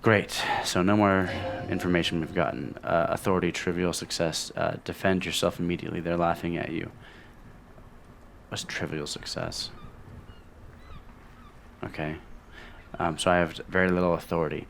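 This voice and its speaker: A man's voice: low voice, little pitch movement, moderate pace, gravelly, long pauses, fairly bright tone, slight background noise. A man casually commenting on a video game as he plays, reading its dialogue aloud between offhand remarks. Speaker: let's play host.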